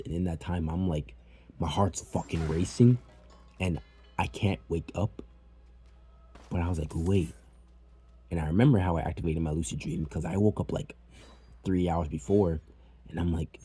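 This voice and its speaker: A young man casually telling a personal story, animated and swearing freely. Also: sits low, moderate pace, breathy edge. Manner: animated, swearing, tearful at times. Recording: faint background noise.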